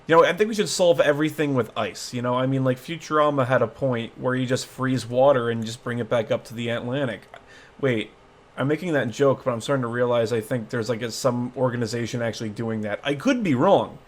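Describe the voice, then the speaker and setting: A man's voice: mid-range voice, a little fast. A man vlogging a casual reaction video, rambling with many fillers and restarts. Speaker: YouTube vlogger.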